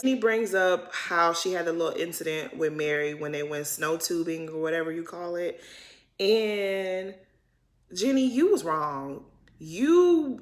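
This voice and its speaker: A woman giving a casual, opinionated recap of a reality TV episode, talking in chatty slang and laughing often. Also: lowish voice. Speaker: recap host.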